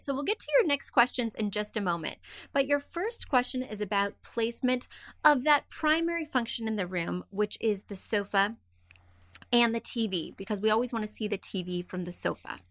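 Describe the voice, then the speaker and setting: Casting: woman podcast host, an interior designer, slightly high voice, chatty and sure of her advice, dry close mic. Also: expressive, moderate pace, sharp tone, no room sound. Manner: chatty and self-deprecating, confident about design. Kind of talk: casual advice podcast, reading listener emails. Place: small room indoors, street noise outside.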